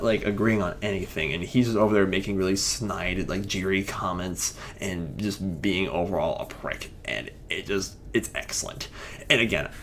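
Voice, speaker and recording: A man's voice: on the low side, slight background noise. A young man giving a casual film review, rambling and enthusiastic, with many fillers and restarts. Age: young adult. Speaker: movie reviewer.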